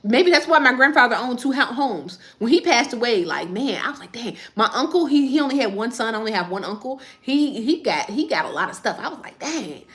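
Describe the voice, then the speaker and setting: A woman's voice: on the high side, lively intonation, fairly quick, hardly any pauses, fairly bright tone. A woman, chatting casually on a livestream and answering viewer comments as she rambles. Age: 30s.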